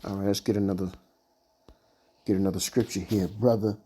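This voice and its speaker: Man teaching Bible verses off the cuff, mellow low tone, stumbles and fills pauses as he hunts for words. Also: steady tone, breathy edge. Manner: halting, searching for words, many fillers. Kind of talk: informal scripture study.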